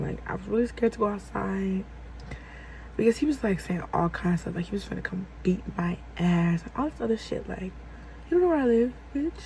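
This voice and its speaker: A young woman telling a casual storytime vlog, animated and profane, acting out heated quotes. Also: mid-range voice, creaky, slight background noise, low-quality recording. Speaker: vlogger.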